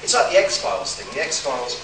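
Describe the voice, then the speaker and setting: A man speaking as a writer and guest on a convention panel, chatty and laughing often, with halting restarts. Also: mid-range voice, big pitch swings. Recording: echoey room, far mic, background noise.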